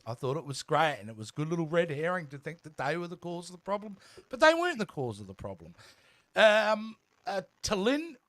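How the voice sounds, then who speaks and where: A man's voice: high-pitched, fairly bright tone, no echo. A man co-hosting a casual TV review chat, upbeat but hesitant, with many ums and restarts. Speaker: co-host of a TV review show.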